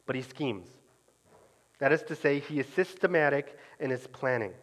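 A man preaching a sermon, earnest and emphatic, letting his phrase endings fall quiet. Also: mid-range voice. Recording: long reverb of a hall.

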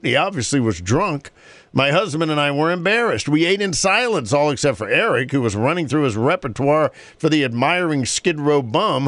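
A man's voice: fairly high pitch, a bit bright, no echo. Earnest man with a dry close voice. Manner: earnest, conversational. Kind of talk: reading a story aloud, then casual talk.

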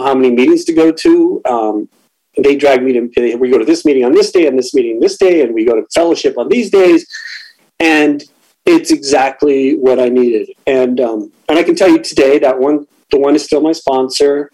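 A middle-aged man speaks with a candid, reflective openness, pausing and restarting as he works through his thoughts. His voice sits at an ordinary pitch for a man, and his story comes out in a personal, unpolished way. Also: warm tone, low-quality recording. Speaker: guest sharing a recovery story.

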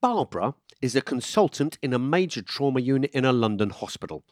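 A man presenting a documentary, reading scripted narration in a measured, reflective way. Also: medium pitch, very animated, no room sound, clean studio sound.

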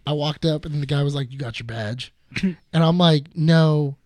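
Man, casual podcast chat, high voice, dry recording, acts out quotes. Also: normal speed, darkish tone, no echo. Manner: laughing storyteller, acts out quotes.

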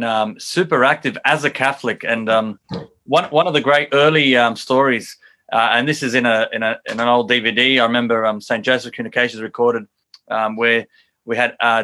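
A man hosting a live interview in a halting, affirming way. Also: mid-range voice, fairly even intonation, bright, forceful tone. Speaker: interview host.

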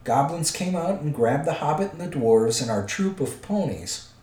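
A man's voice: on the high side, animated, moderate pace, darkish tone, natural voice. A man voicing a polite, crafty old male wizard, coaxing and careful, in a roomy recording. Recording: roomy echo.

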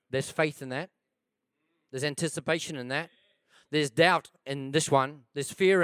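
A man preaching a sermon to his church, calling out "come on" and moving between loud, driving passages and quiet, drawn-out emphasis. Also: on the high side, steady tone, clear, resonant tone, dry recording, clean studio sound. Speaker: pastor.

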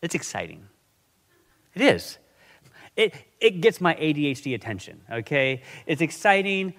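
A middle-aged man delivers a sermon with a somewhat high, bright and forceful voice. He keeps it conversational and animated, stopping to check in with the congregation. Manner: conversational, animated, frequent "okay?" and "right?" check-ins. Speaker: pastor.

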